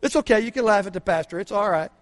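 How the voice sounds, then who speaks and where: An older man preaching a sermon as pastor, fervent, moving from quiet asides to shouting praise, in a church. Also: high-pitched, animated, fast. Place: church sanctuary. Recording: long hall reverb from a church.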